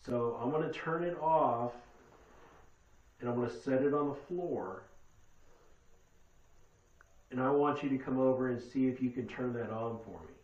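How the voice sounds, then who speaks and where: A man leading a paranormal investigation session, calmly explaining things slowly to any spirit present. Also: mid-range voice. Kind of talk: casual ghost-hunt session talk. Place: old hotel room at night. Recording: echoey, distant, dull, faint hiss.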